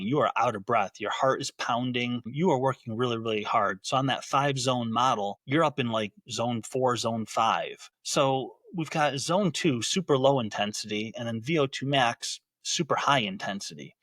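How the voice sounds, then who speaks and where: A male gym coach talking through a training topic in a relaxed, explanatory way. His voice sits at an ordinary middle pitch. It is recorded close and dry, with no room sound. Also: no room sound. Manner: conversational, repeats words while restarting sentences. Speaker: podcast host and gym coach. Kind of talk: casual explanatory talk.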